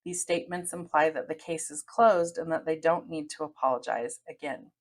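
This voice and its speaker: A woman with a notably low-pitched voice talks straight to her listeners as a podcast host. She speaks in an earnest, steady way, like someone giving advice from experience. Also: moderate pace. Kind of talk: advice monologue.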